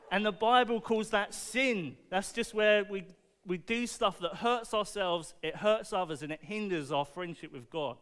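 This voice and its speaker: A man preaching a playful, animated talk to children, asking the audience questions and using object lessons. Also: high voice, a little slow, clean tone.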